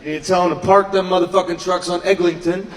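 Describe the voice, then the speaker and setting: A man performing a stand-up routine in a club, ranting and shouting his punchlines. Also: high voice, fairly even intonation, quick pace, very noisy. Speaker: stand-up comedian. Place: comedy club stage. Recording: live club with loud crowd laughter.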